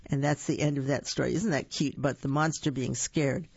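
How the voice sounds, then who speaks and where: Storyteller reading picture books, sing-song, gravelly, dull dry lo-fi recording. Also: mid-range voice, fairly quick, no echo. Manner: lively, sing-song with many slips.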